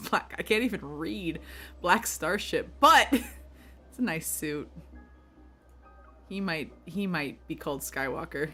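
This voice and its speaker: A woman streams a game play-through, reading the on-screen text aloud and breaking off into chatty, animated asides. Her voice sits a little low. Faint game music runs underneath. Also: slow, pauses often.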